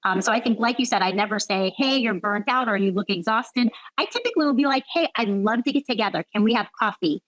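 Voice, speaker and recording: A woman's voice: on the high side, animated, quick pace, few pauses, fairly bright tone, no echo, low-quality recording. A woman physician talking reflectively in an interview, often adding "right?" and "like" as she thinks aloud. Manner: reflective, frequent "right?" and "like" fillers. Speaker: physician guest. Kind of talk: conversational interview.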